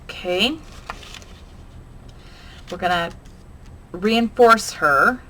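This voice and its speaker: A woman's voice: medium pitch, expressive, drawn-out words, pushed and bright. A woman hosting a crafting vlog, chatting casually and humming and muttering to herself as she works. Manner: chatty, hums and mutters to herself while working. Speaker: crafting channel host. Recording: noticeable background noise.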